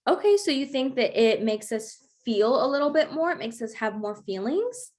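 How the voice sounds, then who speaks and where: A woman's voice: fairly high pitch, very animated, moderate pace, a little mellow. A young woman teaching an online class, encouraging and checking in often with her students. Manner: encouraging, checks in with frequent okays.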